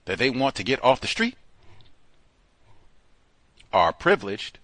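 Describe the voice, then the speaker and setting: A male host giving an animated, mocking commentary monologue, slipping into put-on voices. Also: medium pitch, a little slow, dry recording.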